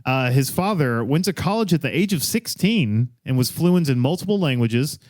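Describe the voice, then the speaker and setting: A man co-hosting a podcast, joking quickly and then reading his notes. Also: mid-range voice, lively intonation, darkish tone, no room sound, clean studio sound. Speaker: podcast co-host. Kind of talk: casual chat, then reading true-crime notes.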